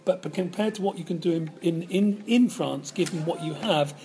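A man's voice: a little high, moderate pace, dark tone. Hesitant, rambling British man. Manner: rambling, hesitant with many fillers. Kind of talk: casual podcast chat.

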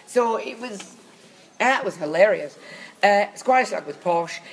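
A woman's voice: mid-range voice, expressive, unhurried, slight background noise, low-quality recording. A woman chatting in an interview, telling wry, bawdy stories and dropping into comic voices for the people in them. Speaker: guest recounting her acting past. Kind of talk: anecdotal interview chat.

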